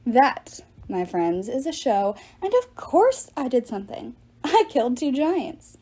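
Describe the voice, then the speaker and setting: A woman's voice: high voice, big pitch swings, measured pace, warm tone, husky, heavily acted. A woman voicing a smug, self-satisfied male wine god who speaks in an offhand, lordly way.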